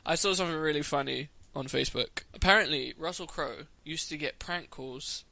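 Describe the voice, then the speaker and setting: A man's voice: a little high, brisk, vocal fry, sharp tone, no echo. A young man co-hosting a podcast in casual chat, crude and joking, often giggling. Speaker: podcast co-host.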